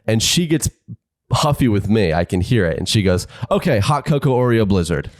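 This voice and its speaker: A man's voice: lowish voice, very animated, moderate pace, dry recording, clean studio sound. A man co-hosting a podcast, telling a story animatedly, acting out both sides and laughing often. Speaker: podcast co-host. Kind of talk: casual chat.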